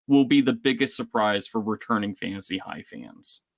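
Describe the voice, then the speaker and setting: A man's voice: fairly low pitch, normal speed, creaky. A man hosting a casual interview, talking in a rambling way with many fillers and restarts. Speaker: interviewer host.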